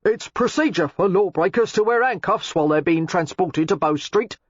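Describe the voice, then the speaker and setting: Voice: mid-range voice, normal speed, slightly rough, no room sound, lo-fi sound, voice pushed up, lightly acted. A narrator voicing a disgruntled police constable in an audiobook, stating procedure officiously. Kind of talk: audiobook character reading.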